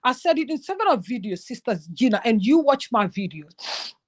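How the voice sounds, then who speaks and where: A woman's voice: fairly high pitch, very animated, moderate pace. A woman from Gambia with a Gambian accent, talking earnestly and emotionally in conversation, often stammering and restarting her words. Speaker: YouTuber guest. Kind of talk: impassioned conversation.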